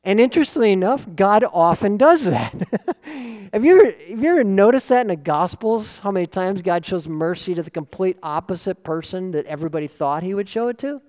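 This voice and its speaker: A man's voice: high-pitched, fairly quick. Earnest male pastor preaching in a hall. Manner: earnest, lively, asks rhetorical questions. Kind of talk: sermon. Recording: long reverb of a large hall.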